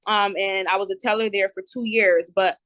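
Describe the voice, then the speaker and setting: A woman's voice: medium pitch, normal speed, no room sound. Chatty young New Jersey woman, dry sound. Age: 20s. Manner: lively, chatty storyteller. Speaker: podcast guest, entrepreneur. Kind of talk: casual interview.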